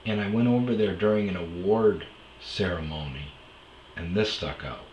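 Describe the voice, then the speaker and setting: A man's voice: sits low, moderate pace, darkish tone, reverberant, slight background noise, low-quality recording. A man from Wisconsin telling a personal story as a podcast host, blunt, candid and profane. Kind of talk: storytelling monologue.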